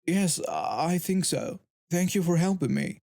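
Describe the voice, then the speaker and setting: A man voicing a polite, soft-spoken teenage blind girl. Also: high-pitched, expressive, measured pace, vocal fry, voice pushed up, heavily acted. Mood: grateful. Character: frightened but brave teenage blind girl.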